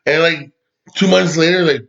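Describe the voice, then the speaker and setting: Giggly higher-voiced man. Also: steady tone, normal speed, vocal fry, a bit bright. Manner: giggly, laughs often, restarts. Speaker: podcast co-host. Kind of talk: casual chat. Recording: dull lo-fi sound.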